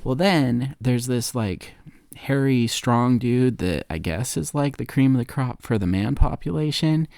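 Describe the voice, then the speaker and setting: A man's voice: mid-range voice, unhurried, creaky, a little mellow, no room sound, clean studio sound. A man on a podcast giving a rambling, sarcastic comedic recap of a movie. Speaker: podcast co-host.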